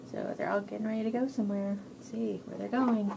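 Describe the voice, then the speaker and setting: A woman reading a children's picture book at bedtime, squeaking high voices for the animals and adding chatty asides to the kids. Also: steady tone, normal speed, gravelly, dark tone, slight background noise. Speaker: children's story reader.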